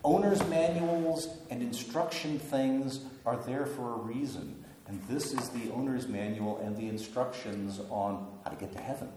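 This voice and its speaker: A man preaching a sermon, telling a story in an animated way with wry humorous asides. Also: medium pitch, unhurried, few pauses, noisy background. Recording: echoey hall with long reverb.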